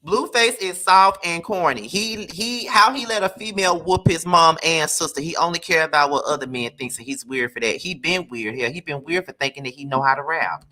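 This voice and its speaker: A man hosting a livestream, giving sassy, profane commentary and drawn-out complaints as he answers the chat. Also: fairly high pitch, pushed and bright. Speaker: host. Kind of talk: livestream commentary on celebrity gossip.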